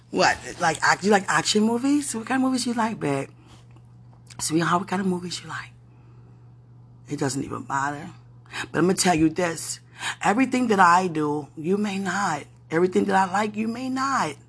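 A woman vlogger rambling affectionately to her viewer in a late-night talk to camera, often trailing off soft. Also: fairly low pitch. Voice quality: very husky, breathy.

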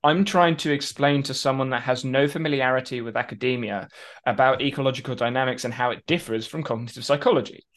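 Male podcast co-host, average pitch, lively explainer with asides. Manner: animated explaining, quick asides. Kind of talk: casual conversation.

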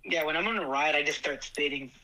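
A man, a podcast guest telling stories in relaxed, joking casual chat. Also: a little high, quick pace, a crowd in the background, poor audio. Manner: joking, laid-back storytelling.

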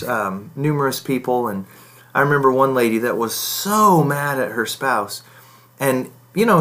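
A middle-aged man talks through marriage advice in a relaxed, unscripted way. He pauses on ums, backs up to correct himself, and keeps going in an easy everyday tone. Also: medium pitch. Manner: conversational, loose, with frequent ums and self-corrections. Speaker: marriage podcast host. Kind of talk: casual advice talk.

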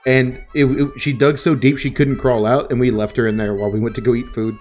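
A man's voice: mid-range voice, steady tone, fairly quick, darkish tone, soft background music. A young man co-hosting a podcast, chatting casually over a remote call. He tells stories animatedly, swearing freely and laughing often. His voice sits in an ordinary middle range. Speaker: podcast co-host. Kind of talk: casual chat.

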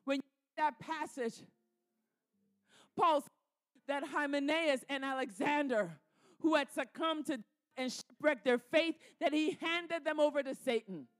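A woman's voice: high voice, a little slow, long pauses. A woman pastor leading a fervent prayer, declaring and repeating lines with growing force. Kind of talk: sermon prayer.

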